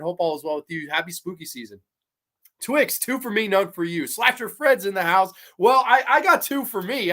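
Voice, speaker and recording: A man's voice: fairly high pitch, a bit bright. A man hosting a casual horror livestream, reading chat aloud and chatting while snacking on candy. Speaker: livestream host.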